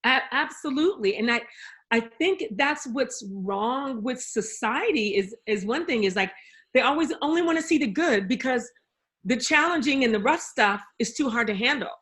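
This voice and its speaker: A woman guest in a casual conversation, telling stories in an enthusiastic, animated way. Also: on the high side, normal speed.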